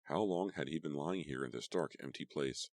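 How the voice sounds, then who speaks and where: A man with an extremely deep voice reads a horror audiobook in a dramatic, measured way. The sound is dry and close, with almost no room. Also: dry recording. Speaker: audiobook narrator. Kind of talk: scripted horror audiobook narration.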